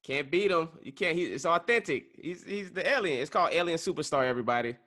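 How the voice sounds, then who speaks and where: A man hosting a podcast, asking questions in a relaxed, casual way with halting restarts. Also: fairly high pitch. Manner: easygoing, with hesitant restarts. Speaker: podcast host. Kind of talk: casual interview.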